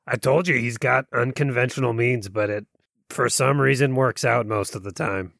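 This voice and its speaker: Man, gravelly, tabletop player, dry sound. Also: medium pitch, measured pace, fairly bright tone, no echo. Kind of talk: playing a tabletop game.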